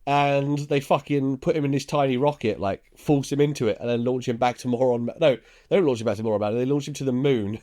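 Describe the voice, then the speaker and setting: A man's voice: mid-range voice, quick pace, hardly any pauses, a little mellow. Laid-back man recapping a film. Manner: laid-back storytelling, chuckles while recounting scenes. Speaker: podcast co-host.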